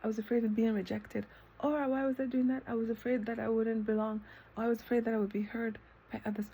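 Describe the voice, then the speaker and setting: A woman vlogging a reflective self-talk monologue, rambling with lots of fillers and breaking into sudden high exclamations. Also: completely flat delivery, fast, mellow, breathy edge. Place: eating ice cream while filming herself.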